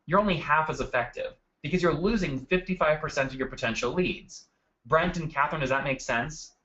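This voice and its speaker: A man's voice: on the high side, a little fast, bright, forceful tone, lo-fi sound. A man hosting a live marketing webinar, talking energetically and calling out attendees by name from his desk. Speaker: webinar host. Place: home desk.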